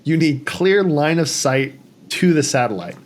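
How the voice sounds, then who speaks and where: A man's voice: on the high side, a little slow. A man casually talking through a movie on a podcast, acting out characters' lines in a raised voice. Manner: animated, acts out quoted lines in raised voices. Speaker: podcast host.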